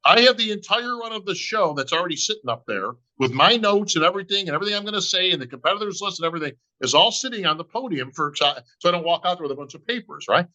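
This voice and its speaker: A man's voice: high voice, expressive, fast talker, few pauses, bright, forceful tone, low-quality recording. A middle-aged man, a bodybuilding emcee, telling a long story on a podcast and acting out both sides of the talk. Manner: acts out both sides of conversations, says "bro" and "right?" constantly.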